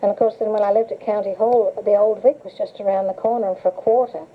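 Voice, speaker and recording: Heard through the hiss of a tinny old cassette, an older woman speaks fast at a medium pitch with fairly even intonation. She laughs often while being interviewed, reminiscing casually and telling her memories in a chatty, storytelling style.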